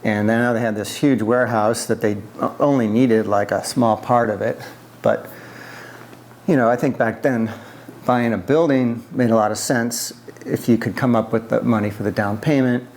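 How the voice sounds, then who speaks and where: A middle-aged man from the US East Coast recalls his past in an oral history interview, using many fillers and restarts. His mid-range voice is a little mellow, with fairly even intonation and a moderate pace, and there's slight hiss or hum.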